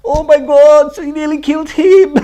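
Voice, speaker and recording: A man's voice: extremely high pitch, steady tone, a little slow, warm tone, highs cut off. A builder talking casually on a building site, chatty and laughing often at his own jokes. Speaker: licensed builder. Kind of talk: casual chat reacting to clips.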